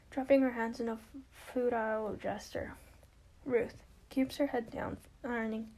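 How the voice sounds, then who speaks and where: A woman reading a play's stage directions aloud in a plain, measured way. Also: fairly high pitch, steady tone, dark tone, low-quality recording. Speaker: play reader.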